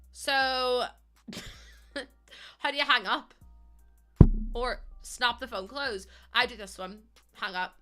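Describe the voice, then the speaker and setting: Young female streamer, very bright, slightly high voice, chatty and self-mocking, music behind. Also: slow, long pauses, clear, resonant tone. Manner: chatty, giggly, self-mocking, sings snatches of songs. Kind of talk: casual chat with stream chat.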